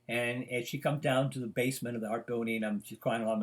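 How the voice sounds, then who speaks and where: An older man teaching a recorded lesson, his pitch sitting in an ordinary middle range. He drifts from one personal story to the next, filling the gaps with ums and uhs. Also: a little fast. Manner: rambling storyteller with many fillers. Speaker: professor. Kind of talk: recorded lecture with anecdotes.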